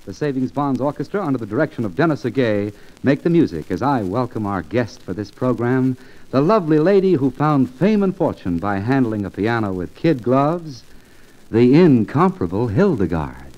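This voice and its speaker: A man's voice: medium pitch, sing-song, moderate pace, darkish tone. A man hosting a 1940s radio show, with a florid, showy announcer delivery in comedy banter. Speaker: radio host. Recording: dull old radio transcription.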